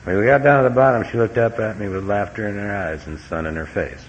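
A man's voice: on the low side, fast. A middle-aged man giving a folksy, earnest personal talk as a recovery meeting speaker, with wry humor. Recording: dull lo-fi recording with faint hiss.

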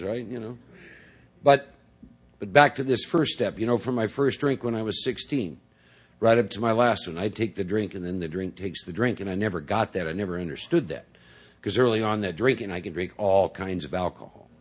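Husky middle-aged guy rambling thru his recovery story to a big crowd, lots of "you know"s. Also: on the low side, animated, a little fast, a little mellow. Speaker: speaker at a recovery meeting. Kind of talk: personal recovery talk to a group. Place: in front of a large audience.

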